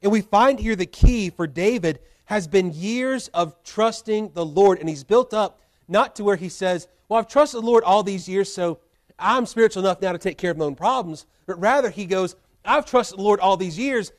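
A man's voice: high-pitched, normal speed. A male pastor preaching a sermon in a church, earnest and full of repeated rhetorical questions. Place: church sanctuary.

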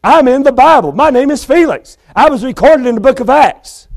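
Male preacher playing a frantic lost man begging at judgment; stammers, pitched up. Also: animated, moderate pace. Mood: pleading. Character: desperate lost man Felix pleading at judgment.

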